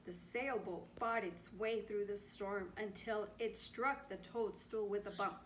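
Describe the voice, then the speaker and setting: A woman reading a children's picture book aloud in an expressive storytelling voice. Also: mid-range voice, measured pace, slight background noise. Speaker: storybook reader.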